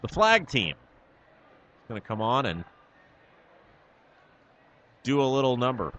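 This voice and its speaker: A man's voice: mid-range voice, very animated, slow pace, fairly bright tone, lo-fi sound. A man doing color commentary at a basketball game, rambling into joking side stories.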